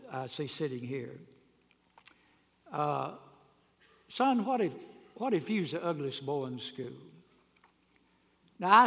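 A man preaching a sermon, telling folksy stories and rising to loud, emphatic peaks. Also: fairly high pitch, gravelly. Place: church sanctuary. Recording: long reverb of a large hall.

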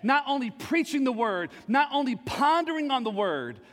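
Brief: very high-pitched male preacher, fervent, rising to shouts, long church reverb. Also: sing-song, normal speed. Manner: fervent preaching with call-and-response, surging to shouts. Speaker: pastor. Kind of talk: sermon. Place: church sanctuary.

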